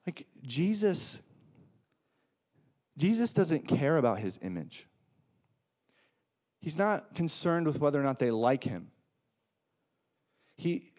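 A man's voice: medium pitch, darkish tone. A man pastor giving a conversational sermon, asking rhetorical questions and acting out quoted voices.

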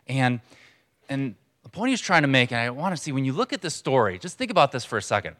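A man preaching a sermon in a church to a congregation, in a conversational, earnest way with pauses for emphasis. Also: medium pitch, very animated, a bit bright. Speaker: pastor.

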